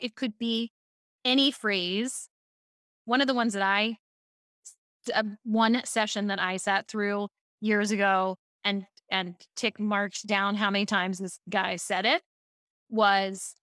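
Bright-voiced woman speaking coach. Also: mid-range voice, no room sound, clean studio sound. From Baltimore, USA. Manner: animated storytelling, acts out quotes. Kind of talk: casual podcast interview.

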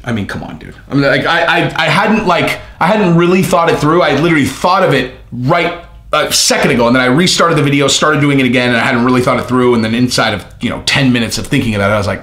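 A man's voice: mid-range voice, fast, roomy sound. A man ranting casually about fighting news, swearing freely and acting out both sides of imagined conversations. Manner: profane, animated, acts out both sides of conversations. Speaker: MMA commentary YouTuber.

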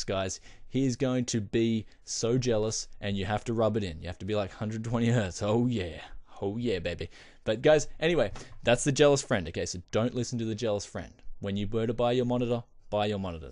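A young man hosting a casual tech vlog, chatting to viewers as "guys" with animated asides. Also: medium pitch, no echo. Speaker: tech video host.

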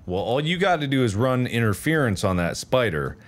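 A man streaming a game with friends, bantering casually, with loud startled yelps and deadpan repeats. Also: medium pitch, brisk. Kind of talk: casual gaming chat.

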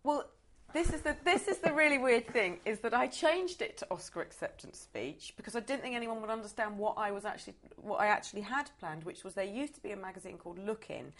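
A woman's voice: medium pitch, fairly bright tone. A woman in her forties with a West Country accent, chatting in an interview, theatrical and self-mocking. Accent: West Country English. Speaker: interview guest. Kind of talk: casual interview chat.

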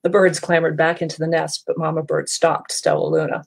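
A woman reading a children's picture book aloud, telling the story in a gentle, expressive way. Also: deep voice, brisk, creaky, hardly any pauses, breathy edge, low-quality recording. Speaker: storybook reader.

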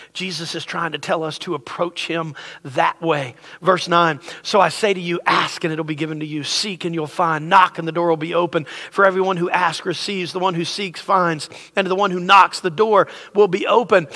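A high-pitched, bright-voiced man preaches to his congregation, animated and acting out the characters he quotes. His voice rings with a long reverb through a church sanctuary. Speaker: pastor. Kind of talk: sermon.

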